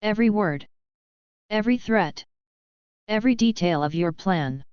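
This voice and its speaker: A woman voicing a calm, unshakable male alien tactician, speaking measured and even. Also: mid-range voice, clean tone, no echo, muffled recording, natural voice.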